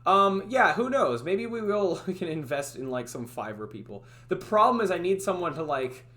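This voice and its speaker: A woman streamer with a low-pitched voice that still swings widely in melody. She chats casually at her home setup, giggling and restarting her sentences as she rambles. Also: sing-song, moderate pace, fairly bright tone. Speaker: streamer and indie game developer. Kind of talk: casual livestream chat.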